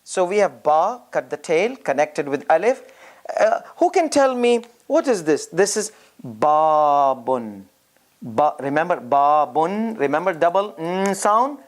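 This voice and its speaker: Slow, sing-song reading teacher. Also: medium pitch, very animated. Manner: drills syllables aloud, repeating each sound slowly; thinks aloud with frequent "uh" and restarts. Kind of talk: step-by-step reading lesson.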